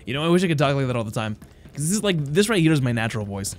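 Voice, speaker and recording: A man's voice: medium pitch, sing-song, very fast. A young man streaming a game, chatting casually in a playful, self-mocking way. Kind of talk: casual commentary while gaming.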